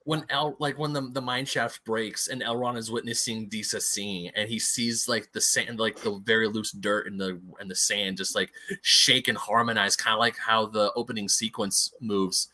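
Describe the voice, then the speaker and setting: Man, podcast co-host, gushing fan, bright forceful voice. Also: on the low side, fairly even intonation, normal speed. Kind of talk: casual podcast discussion.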